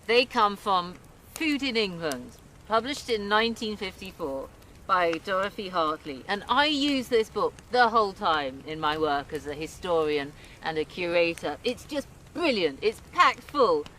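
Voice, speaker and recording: A woman's voice: medium pitch, measured pace, a little hiss or hum. Enthusiastic woman presenting a documentary. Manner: enthusiastic, expressive. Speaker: historian and curator presenting the programme.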